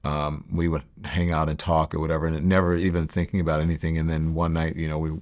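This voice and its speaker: A middle-aged man as an interview guest, candidly telling personal stories in a reflective, halting way with many fillers and restarts. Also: a bass voice, flat delivery, a little mellow.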